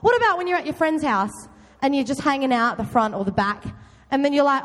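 A young woman giving a loud, chatty youth talk, often quizzing her audience. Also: high-pitched, lively intonation, quick pace. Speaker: youth group speaker. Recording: long hall reverb.

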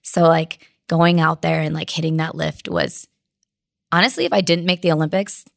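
A young woman with a low, gravelly voice tells her story in an interview, close and dry to the mic. She is near tears, talks in a rush of "like" fillers and laughs through the emotion. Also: fairly even intonation, moderate pace, no room sound. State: crying. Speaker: weightlifter guest.

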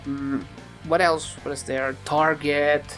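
A podcast host in their thirties who leads the topics in an animated, casual chat. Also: medium pitch, slow pace, over music.

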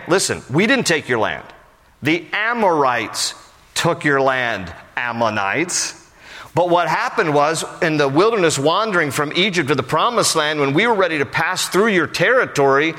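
Male preacher, sermon, reads scripture then explains casually, forceful bright tone, long hall echo. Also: fairly high pitch. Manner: reads verses aloud, then breaks off to explain in casual speech; animated paraphrase with rising emphatic questions.

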